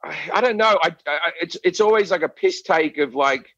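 A man's voice: on the high side, moderate pace, fairly bright tone, no echo, muffled recording. A middle-aged Australian man on a podcast, ranting and swearing with lots of stammered restarts. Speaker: guest comedian. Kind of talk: casual podcast chat.

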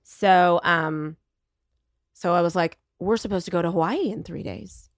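A middle-aged woman as a podcast guest, telling her story in wry, animated casual conversation and acting out the voices of the people she quotes. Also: fairly low pitch, unhurried, no echo, studio quality.

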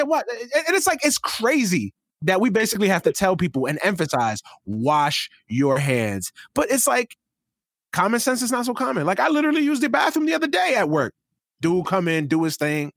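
A young man hosting a casual sports podcast, talking in an animated, slangy way and swearing freely. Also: sits high, brisk, no room sound, studio quality. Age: young adult. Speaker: podcast host.

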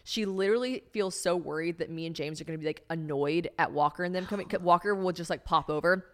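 Young woman host, talks fast, chatty and sweary, tells animated stories. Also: on the low side. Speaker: podcast host. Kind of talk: casual chat.

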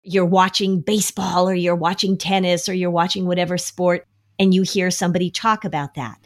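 A woman's voice: lowish voice, fairly even intonation, a little fast. A woman explaining an approach to anxiety on a podcast in a conversational way, often acting out worried voices as quotes. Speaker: anxiety expert.

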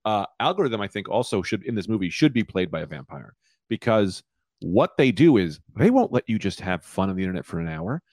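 Playful man with a lively voice. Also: on the low side, a little fast, no room sound, clean studio sound. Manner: playful, jumps in with jokes. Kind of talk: casual comedic chat.

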